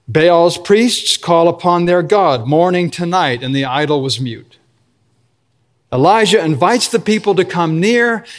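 Man, pastor, sermon, earnest, slow emphatic phrasing, slightly high pitch.

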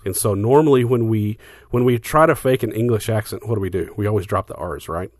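A man's voice: on the low side, a little fast, darkish tone, no room sound, studio quality. A man co-hosting a podcast, casually explaining music history with lots of fillers and restarts. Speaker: podcast co-host.

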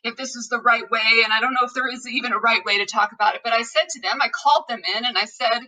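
A woman's voice: on the high side, steady tone, fast talker, pushed and bright, far from the mic, low-quality recording. A woman hosting a podcast, giving an earnest, impassioned opening monologue and repeating her calls to action. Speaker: podcast host.

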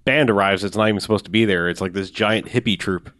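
A man chatting casually about a movie with friends, laughing and acting out scenes in quick quoted voices. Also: fairly low pitch, a bit bright, no echo.

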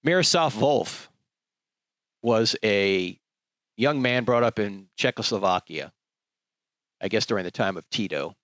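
A man's voice: on the low side, lively intonation, unhurried, long pauses, a bit bright, dry recording. A man preaching a sermon in an emphatic, rhetorical way, acting out the people he quotes.

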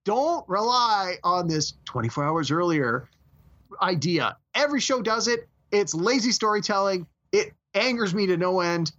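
A man's voice: high voice, lively intonation, normal speed, fairly bright tone. A man co-hosting a movie podcast, ranting animatedly about a pet peeve and acting out quoted lines. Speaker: podcast co-host. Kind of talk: casual podcast chat. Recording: dull lo-fi audio.

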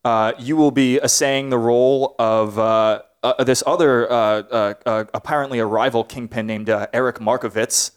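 A man co-hosting a comedy podcast, reading scene directions aloud in a halting way with many pauses and fillers. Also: mid-range voice, steady tone, clear, resonant tone. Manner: halting, many uhs, slowing to read.

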